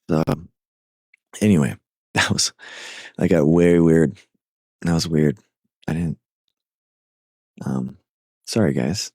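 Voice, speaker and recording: A man hosting a live stream, chatting casually with callers and explaining science in a hesitant, halting way. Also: deep voice, steady tone, warm tone, dry recording, studio quality. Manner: hesitant, halting, many fillers and restarts. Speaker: livestream host.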